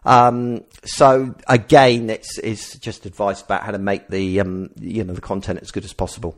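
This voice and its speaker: A man's voice: lowish voice, normal speed. A man hosting a casual podcast chat, rambling and correcting himself as he goes. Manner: rambling, self-correcting, lively delivery. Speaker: podcast host.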